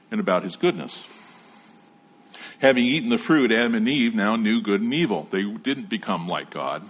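A man with a somewhat low, husky voice delivers a sermon. He teaches in a measured way and reads scripture passages aloud between his explanations. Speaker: pastor.

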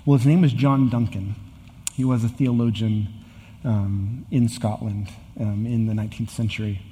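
A man's voice: lowish voice, steady tone, normal speed, mellow, in a large hall. A man in his thirties preaching a sermon as a pastor, earnest and building to emphatic repetition. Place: church sanctuary with long reverb.

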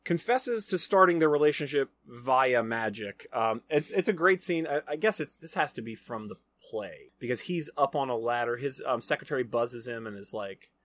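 A man's voice: mid-range voice, expressive, normal speed, hardly any pauses, fairly bright tone, no room sound. Chatty man recapping a movie, dry sound. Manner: rambling, heavy on fillers like "you know" and "like". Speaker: podcast host. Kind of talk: casual film recap chat.

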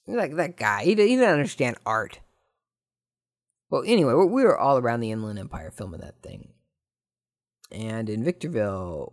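Rambling, jokey podcast host. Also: male voice, mid-range voice. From Southern California. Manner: rambling and jokey, with excited bursts. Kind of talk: casual chat, answering listener questions.

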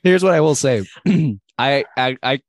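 A man's voice: medium pitch, a little slow, no echo. A man co-hosting a casual podcast chat, laid-back and giggly.

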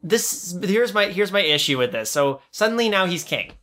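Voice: mid-range voice, lively intonation, moderate pace, fairly bright tone. A podcast co-host talks through a film in loose, casual conversation. The delivery is analytical and sceptical, picking apart the story, with the odd playful mock voice.

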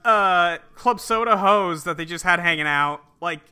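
A man's voice: high voice, pushed and bright, clean tone. A man casually recapping a film on a podcast, acting out characters' lines as he goes. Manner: retells scenes, acting out lines in quick put-on voices. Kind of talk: casual chat.

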